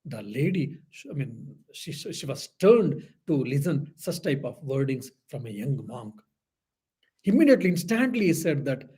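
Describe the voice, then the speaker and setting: A man's voice: medium pitch, very animated, moderate pace, warm tone, husky. A man, a monk, giving an earnest spiritual talk, telling stories with many restarts. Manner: earnest storytelling with frequent restarts and "I mean". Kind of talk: storytelling spiritual lecture.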